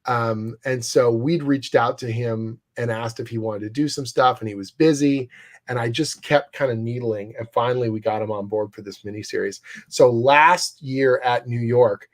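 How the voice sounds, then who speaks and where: A man's voice: mid-range voice, moderate pace. A man, a comics writer as guest, telling stories animatedly in a casual interview and swearing freely. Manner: animated storyteller, swears freely, acts out quotes.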